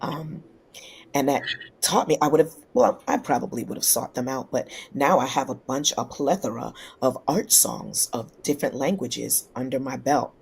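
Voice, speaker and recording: A singer from New York City, a woman, telling lively stories in a casual interview and acting out the people she quotes. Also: rumbling low, normal speed, slightly rough. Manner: lively anecdotes, acts out quoted voices. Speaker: singer guest.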